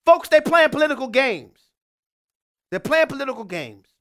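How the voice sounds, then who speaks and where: A man's voice: extremely high pitch, sing-song, moderate pace, a bit bright. A man giving an impassioned political monologue, emphatic and fired up, repeating his points. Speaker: political commentator.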